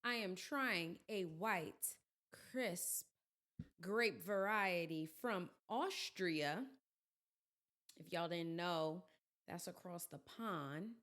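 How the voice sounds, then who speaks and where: A woman hosting a podcast in casual chat, her voice crackly and hoarse as she gets over being sick, talking in chatty, self-deprecating asides. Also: on the low side, drawn-out words, a bit bright. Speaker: podcast host.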